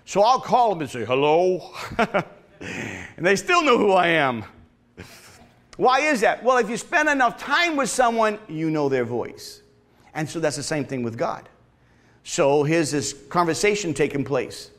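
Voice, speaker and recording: Male pastor, high-pitched, conversational preacher with call-and-response, church sanctuary. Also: sing-song, unhurried, long pauses, a bit bright. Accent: regional accent. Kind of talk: sermon.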